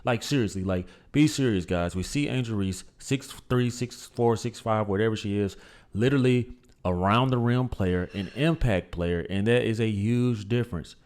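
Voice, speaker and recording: A man with a fairly low voice hosts a reaction show. He talks emphatically and opinionatedly, and keeps calling his viewers "guys." He speaks. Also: moderate pace, darkish tone. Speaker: commentary channel host. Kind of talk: reaction commentary.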